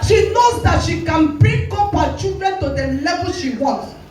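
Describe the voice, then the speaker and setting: A woman's voice: extremely high pitch, lively intonation, normal speed, darkish tone. A woman pastor with a Nigerian English accent preaching a sermon, challenging her listeners directly and acting out quoted voices. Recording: very echoey hall with faint music, voice from a distance.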